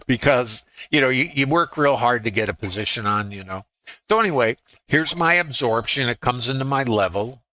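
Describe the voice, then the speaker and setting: On a live stream, a middle-aged trading educator walks through his on-screen trades while thinking aloud and repeating what his inner voice tells him. His voice is on the low side, pushed and bright, with no room sound.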